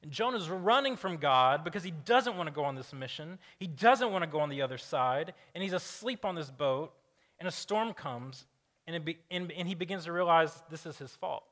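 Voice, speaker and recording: Slightly high and fairly quick, this male pastor delivers a casual, animated sermon in a conversational style. He questions the congregation and performs the voices he quotes.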